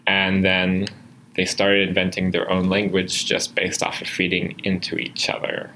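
Man, podcast host, casual explaining, lots of fillers, bright tone, faint hiss. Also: low-pitched, monotone, unhurried, low-quality recording. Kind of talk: podcast conversation.

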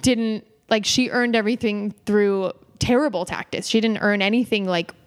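A woman co-hosting a podcast in casual chat, animated, laughing often and swearing freely, a bit hungover. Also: medium pitch, moderate pace. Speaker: podcast co-host.

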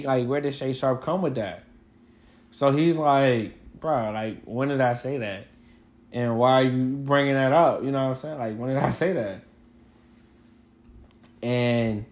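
Male podcast co-host, loose rambling sports talk, mid-range voice. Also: medium pitch. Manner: rambling, lots of fillers and restarts. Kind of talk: casual sports chat.

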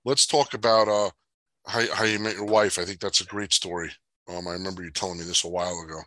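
Male interviewer, fairly low, bright tone, brief encouraging prompts. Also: fairly even intonation, fast talker, no room sound. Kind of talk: casual interview.

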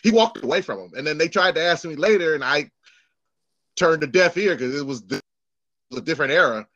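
A middle-aged man hosting a podcast talks brisk and on the high side, captured on a dry, lo-fi recording. In a casual chat he tells stories, animated, acting out quoted voices and swearing freely.

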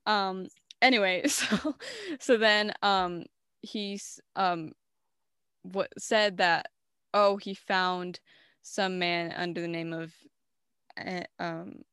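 A woman's voice: on the low side, steady tone, slow pace, long pauses, a bit bright, clear, resonant tone, no echo, studio quality. A young woman co-hosting a casual movie review, retelling scenes with lots of fillers and acted-out quotes. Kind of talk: casual chat.

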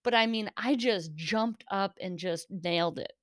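At a measured pace, a woman speaks in a mid-range voice, recorded at studio quality without echo. She hosts a relaxed solo podcast, a little shaky on caffeine, and rambles, giggles, and interrupts herself as she goes.

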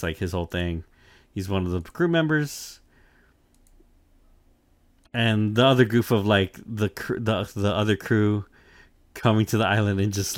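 On a dry recording, a young podcaster with a lowish voice casually recaps an anime. He's relaxed, leans heavily on "like," swears, and laughs along the way.

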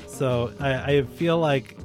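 Young male podcast co-host, casual and chatty, mid-pitched, light music bed. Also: slow. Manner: chatty and animated, many fillers and restarts. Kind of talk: casual chat. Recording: faint music underneath.

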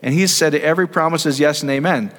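A man's voice: fairly high pitch, fast, fairly bright tone. A man giving a casual teaching sermon, talking conversationally and asking his audience questions. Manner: conversational, asks the audience questions, trails off and restarts. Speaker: preacher. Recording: long reverb of a hall.

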